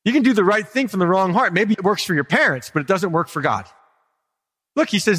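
A man's voice: sits high, animated, brisk, a bit bright, breathy edge, long reverb tail. A man preaching a sermon as pastor, conversational and humorous, asking the congregation questions.

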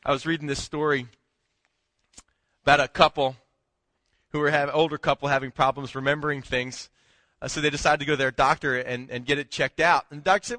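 A man's voice: fairly high pitch, fairly even intonation, brisk, sharp tone, no room sound, long reverb tail. A man preaching a sermon in a conversational way, mixing scripture with a humorous story. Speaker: pastor.

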